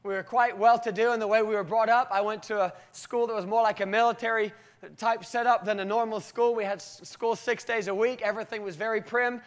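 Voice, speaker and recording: A British man delivers a sermon built around a personal story, his voice sitting very high for a man. He tells it in an animated way and laughs often as he goes. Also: a little fast. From Britain. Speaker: preacher.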